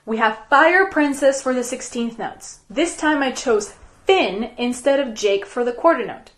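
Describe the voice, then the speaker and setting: Woman teaching kids music, slow careful talk, kinda high voice, patient. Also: animated. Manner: slow, clear, patient classroom delivery with counted clapping chants. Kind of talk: recorded home-learning music lesson.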